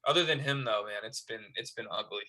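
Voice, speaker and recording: Bright-voiced male podcast guest. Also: medium pitch, a little fast. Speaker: guest, video creator and fan. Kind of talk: casual sports chat.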